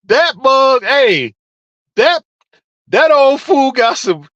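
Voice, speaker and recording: A vlogger ranting to viewers in an animated, profane way, laughing often. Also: high-pitched, very slow, dry recording, dull audio.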